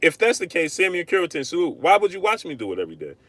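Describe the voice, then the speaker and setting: Animated man ranting on a livestream. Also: fairly high pitch, very fast, dry recording. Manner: animated, repetitive, argumentative, shouting out viewers. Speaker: livestream host. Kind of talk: live-stream boxing rant.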